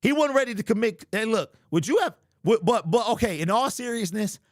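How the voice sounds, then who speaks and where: Hosting a laid-back sports talk show, this man talks briskly in a voice that sits high, captured in studio quality with no echo. He jokes around constantly, piling on hyperbole and slang with lots of energy.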